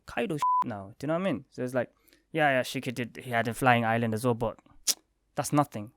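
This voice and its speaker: A young man casually reviewing the latest comic chapter, excitedly retelling scenes with quick quoted lines and sound effects. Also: mid-range voice. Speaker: manga review vlogger.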